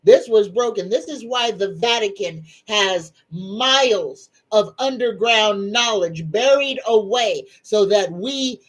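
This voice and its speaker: A woman's voice: mid-range voice, lively intonation, slow, hardly any pauses, poor audio. A middle-aged woman, hosting a live psychic chat in a folksy, emphatic, preachy way. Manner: tearful, soft-spoken. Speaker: psychic livestream host. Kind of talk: casual live-stream chat.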